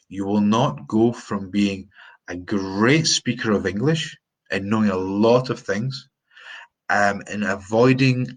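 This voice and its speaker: During a live-streamed lesson, a man teaches English pronunciation, slowly repeating words to drill the sounds. His voice is fairly low and a bit bright.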